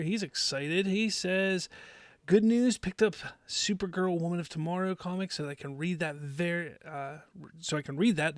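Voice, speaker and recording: Male streamer, slightly high voice, dry close sound, loose rambling chat that restarts itself. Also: dry recording. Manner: rambling, restarts sentences, reads chat messages aloud. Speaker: livestream host. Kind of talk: casual live-stream chat.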